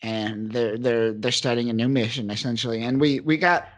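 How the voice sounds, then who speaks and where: A man's voice: medium pitch, fairly even intonation, moderate pace, lo-fi sound. A man co-hosting a podcast, talking casually and enthusiastically about a comic book, often restarting his sentences. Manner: enthusiastic, rambling with restarts and laughs. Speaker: podcast co-host.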